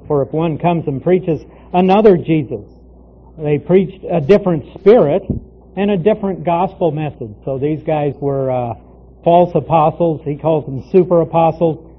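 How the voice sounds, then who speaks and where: A man teaching a Bible passage verse by verse, explaining it in a measured way with many small pauses. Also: a little high. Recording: tinny phone-like lo-fi sound.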